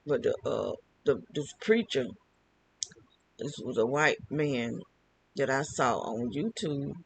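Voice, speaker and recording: A man's voice: mid-range voice, expressive, slow, vocal fry, a little hiss or hum, poor audio. An older man talking alone to camera, rambling and often repeating and restarting his phrases. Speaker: vlogger. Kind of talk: casual monologue.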